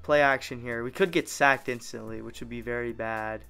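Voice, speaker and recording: A young man giving live commentary over his football video game, narrating each play as it happens and reacting with excitement. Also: medium pitch, moderate pace, creaky, clear, resonant tone, soft background music. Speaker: gaming YouTuber.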